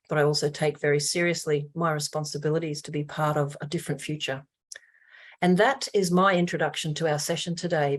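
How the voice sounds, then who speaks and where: A woman with an Australian accent hosting a webinar, giving an earnest formal introduction with frequent ums and uhs over a video call. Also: low-pitched. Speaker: webinar host.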